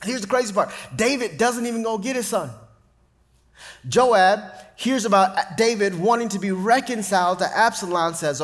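A man's voice: high voice, normal speed. A man preaching a sermon, reading scripture dramatically. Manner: animated, dramatic Bible reading. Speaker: pastor.

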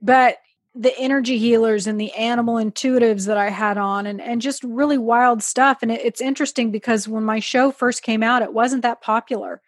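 A woman's voice: on the high side, steady tone, moderate pace, no room sound, studio quality. A woman guest on a podcast, telling stories in a chatty way with many fillers. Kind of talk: casual chat.

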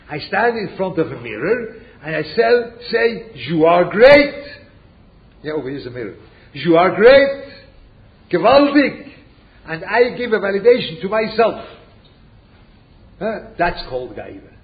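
A man giving an informal religious lesson, full of rhetorical questions and Hebrew and Yiddish terms, who keeps checking in with his listeners. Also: a little high. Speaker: Torah teacher. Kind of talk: informal lecture on a religious text. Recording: dull lo-fi recording with faint noise.

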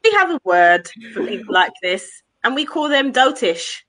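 A woman's voice: fairly high pitch, big pitch swings, moderate pace, fairly bright tone. A woman co-hosting a casual podcast, blunt and dismissive. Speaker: podcast co-host.

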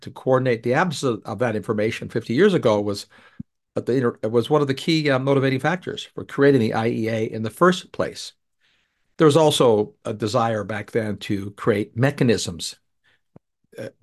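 A man speaking at a middle pitch, hosting his own podcast. He delivers a measured, deliberate commentary on policy, now and then restarting a phrase. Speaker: podcast host.

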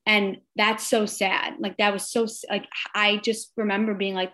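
A woman's voice: medium pitch, level tone, normal speed, fairly bright tone. A woman who is a guest on a podcast, chatting casually and filling her talk with "like". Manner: chatty, fills speech with "like". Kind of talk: casual chat.

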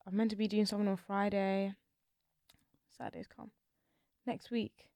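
A young woman co-hosting a podcast, telling stories in an animated, gossipy way. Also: mid-range voice, moderate pace, dry recording. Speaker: podcast co-host. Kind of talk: casual chat.

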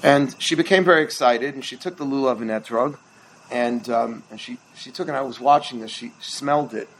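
A man's voice: mid-range voice, a little fast, a bit bright, a little hiss or hum, rough recording. A middle-aged man, a rabbi, teaching a holiday workshop in a conversational storytelling way and now and then quizzing his listeners.

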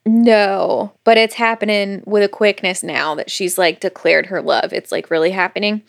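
A woman's voice: mid-range voice, steady tone, vocal fry. Chatty woman recapping a book. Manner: retells scenes with quick quoted asides, swearing, laughing. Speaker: podcast co-host. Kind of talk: casual book recap chat.

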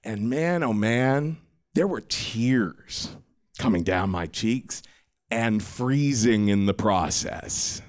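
Dramatic, slow-paced male storyteller. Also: on the low side, expressive. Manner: dramatic, self-mocking, acts out the voices of people. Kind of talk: live personal storytelling.

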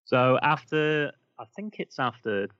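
A man's voice: mid-range voice, big pitch swings, measured pace, a bit bright, no room sound, dull audio. A man talking about football with wry, dry humor. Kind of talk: casual football chat.

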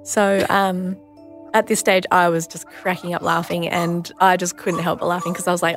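A chatty woman in her thirties with a voice pitched a little low. She tells her story in an easy, rambling way, with plenty of fillers. Faint music sits underneath. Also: level tone. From Australia. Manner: chatty, lots of "like" and "you know", quick asides. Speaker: guest, nurse and mother. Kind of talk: casual storytelling interview.

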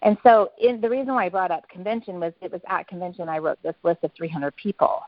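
A woman's voice: lowish voice, quick pace, no room sound. A woman guest telling her story eagerly in a casual phone interview, rambling and often restarting her sentences. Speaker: network marketing guest. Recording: dull dry phone line.

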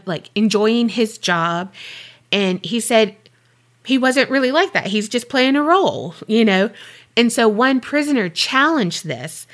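A woman's voice: medium pitch, fairly bright tone. A woman co-hosting a podcast, telling a true-crime story in a loose, chatty way with offhand swearing. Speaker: podcast co-host.

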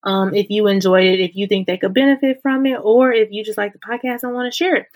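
A woman's voice: mid-range voice, fast talker. Encouraging woman podcast host. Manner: conversational and encouraging, repeats key points. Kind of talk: faith-based self-help podcast.

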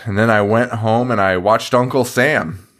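A man co-hosting a horror movie podcast in casual chat, animated, laughing often and swearing freely. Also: lowish voice, normal speed. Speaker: podcast co-host.

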